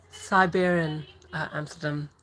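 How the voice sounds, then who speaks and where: A woman's voice: low-pitched, fairly bright tone, poor audio. A woman hosting a casual livestream, chatting and laughing as she answers viewer comments. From England. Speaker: livestream host.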